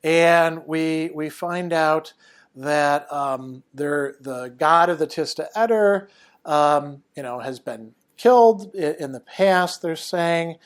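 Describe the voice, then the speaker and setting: A man's voice: fairly high pitch, slow pace. A man giving an online lecture, thinking aloud with frequent fillers.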